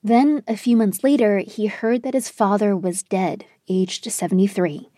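Female radio correspondent, warm mellow tone, dry close studio sound, measured scripted read. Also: mid-range voice, dry recording. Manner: measured, even reporting delivery. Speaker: news correspondent. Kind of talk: scripted news report.

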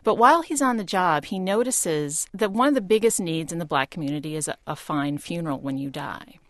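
A woman historian, a guest in a broadcast interview, explaining events in a storytelling way that grows animated in places. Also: fairly low pitch, brisk, dry recording.

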